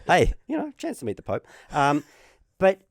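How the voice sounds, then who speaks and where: Here the former tennis player's voice sits a little high, at a moderate pace, in a dry, clean studio recording. He's an Australian in his fifties chatting casually as a guest, a lively storyteller who acts out people's words.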